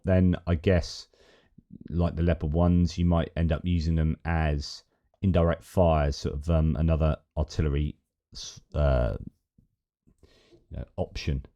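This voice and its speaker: A man's voice: low voice, warm tone, lo-fi sound. A man hosting a news commentary show, reading out reports and adding his own musings. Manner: reads reports aloud, then muses with fillers and restarts. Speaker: host.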